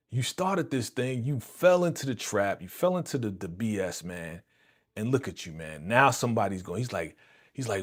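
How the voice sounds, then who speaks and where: A man hosting a live reaction stream, excitedly retelling a TV episode in slangy, chuckling casual talk. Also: fairly low pitch, moderate pace.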